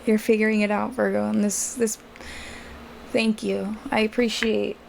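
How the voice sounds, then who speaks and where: Gravelly-voiced woman giving a chatty tarot reading. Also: medium pitch, little pitch movement, moderate pace, darkish tone, slight background noise. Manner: chatty, addresses viewers directly, frequent fillers. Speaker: tarot reader. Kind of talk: casual tarot reading for viewers.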